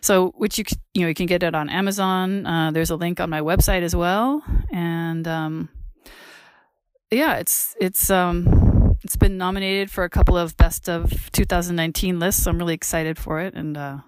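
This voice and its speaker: A woman's voice: lowish voice, normal speed, clean tone, no room sound. A woman author answering interview questions casually and hesitantly. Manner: hesitant, full of ums. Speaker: author guest.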